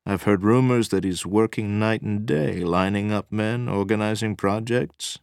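A man reading an audiobook, voicing a curt, protective husband who speaks flatly. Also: on the low side, measured pace, gravelly, smooth, no echo, clean studio sound, pitched above the performer's own voice. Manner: flat and clipped.

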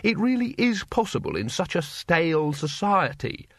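A man's voice: high voice, very animated, normal speed, a bit bright, no echo, clean studio sound, voice pushed up, full character voice. A man voicing a fussy, nervous male teacher who protests politely. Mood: protesting. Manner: prim, protesting.

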